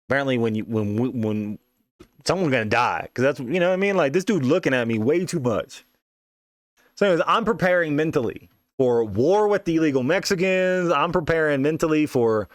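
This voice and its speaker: A man's voice: medium pitch, no echo, clean studio sound. A man telling a story in a casual, rambling, profane way, often saying "you know what I mean". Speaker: podcast host.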